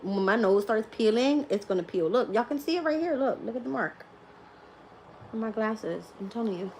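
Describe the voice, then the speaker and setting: A woman chatting casually on a live stream as a tarot reader, laughing often and swearing freely as she tells animated stories. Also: a little high, moderate pace, slight background noise.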